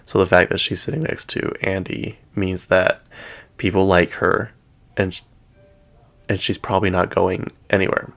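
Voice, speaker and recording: Man, very low voice with fry, casual gossip host recapping reality shows, loose and rambling. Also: little pitch movement, moderate pace, fairly bright tone, faint music behind. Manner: chatty, rambling, heavy use of "like". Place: at home.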